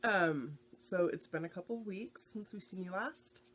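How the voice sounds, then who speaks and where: A woman's voice: fairly low pitch, measured pace, fairly bright tone, slightly rough. A woman from the United States hosting a podcast about knitting, chatting in an easygoing way. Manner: chatty and easygoing, with frequent fillers. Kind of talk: casual podcast chat.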